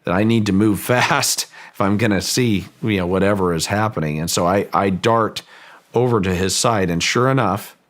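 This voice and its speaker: A man as an interview guest, recounting a story in a measured, deliberate way with frequent restarts. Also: fairly low pitch. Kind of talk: storytelling in a long-form interview.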